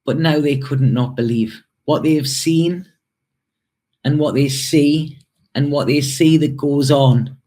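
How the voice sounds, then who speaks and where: A man's voice: on the high side, slow pace, dark tone. A man giving an intuitive tarot and spirit reading to camera. He talks hesitantly, repeating words and stopping for emotional asides. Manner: hesitant and repetitive, with many fillers and emotional asides. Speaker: tarot reader.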